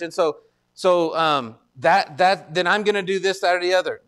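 A man preaching a sermon as pastor, conversational with joking asides, slowing down to stress scripture. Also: sits high, a bit bright, smooth.

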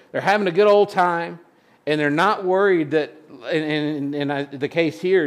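A man, a pastor, teaching a Bible study in an informal, earnest way, reading scripture aloud and often restarting his sentences. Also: a little high.

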